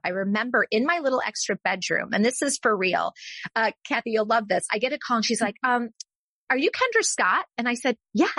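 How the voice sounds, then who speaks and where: A woman's voice: medium pitch, a bit bright, no echo. A woman, a podcast guest, candidly telling a story and quoting conversations. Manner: candid, quotes others in conversation.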